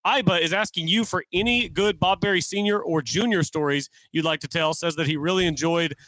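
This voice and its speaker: A man's voice: fairly high pitch, a little fast, a bit bright, no echo, poor audio. A man co-hosting a podcast, casually reading out a listener question. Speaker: podcast co-host.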